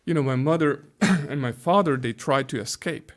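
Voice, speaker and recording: Speaking at a normal speed in a slightly high voice, a Hungarian pastor in his fifties answers questions as an interview guest. His Hungarian accent is noticeable, and the exchange is conversational. He is careful and tends to restart sentences while searching for English words.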